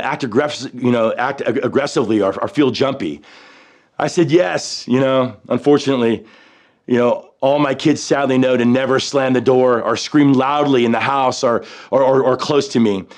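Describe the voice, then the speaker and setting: A military veteran in his fifties telling his own story in a halting, reflective way, often pausing on "you know" and restarting his sentences. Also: mid-range voice, darkish tone. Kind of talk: personal storytelling.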